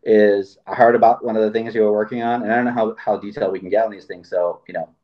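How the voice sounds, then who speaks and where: A man with a fairly low voice talks in a loose, rambling way, often slipping into quoted dialogue. The recording sounds dull and lo-fi. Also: fairly even intonation, fast. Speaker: podcast host. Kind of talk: casual conversation.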